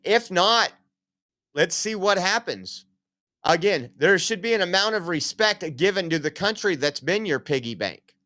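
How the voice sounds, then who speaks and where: A man's voice: high voice, expressive, measured pace, sharp tone. A man hosting opinionated political commentary, reading quotes aloud and laughing at them mockingly.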